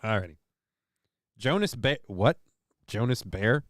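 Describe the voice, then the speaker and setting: A man's voice: mid-range voice, expressive, moderate pace, a bit bright, smooth, no room sound, clean studio sound. A man hosting a casual comedic news stream, rambling and sarcastic and swearing freely. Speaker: host.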